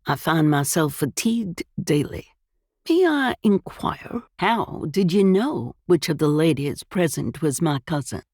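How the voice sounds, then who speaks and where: Woman playing a slow, grave American man. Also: low-pitched, very animated, darkish tone, dry recording, studio quality, exaggerated voice. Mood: grave, wry. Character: weary, mild American man, a writer.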